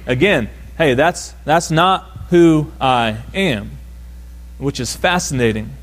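A man preaches with a fairly high voice, pressing each point through repetition and rhetorical questions. He sinks low and quiet to stress key lines, then lifts again. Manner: emphatic, repeats key phrases, asks rhetorical questions. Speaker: pastor. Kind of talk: sermon.

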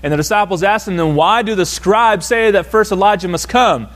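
A man preaches with a fairly high voice, pressing each point through repetition and rhetorical questions. He sinks low and quiet to stress key lines, then lifts again. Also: fairly quick. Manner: emphatic, repeats key phrases, asks rhetorical questions. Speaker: pastor. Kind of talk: sermon.

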